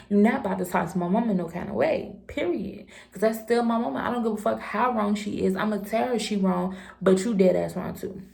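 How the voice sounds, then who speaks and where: A woman in her twenties telling a storytime vlog in a heated, profane, animated way. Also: mid-range voice, creaky. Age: 20s. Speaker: vlogger. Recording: echoey room.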